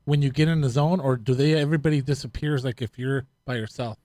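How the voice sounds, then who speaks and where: A man who hosts a talk show and works as a DJ, speaking casually in halting, rambling sentences with many restarts. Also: medium pitch, fairly even intonation, very noisy. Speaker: host and DJ. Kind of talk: casual chat.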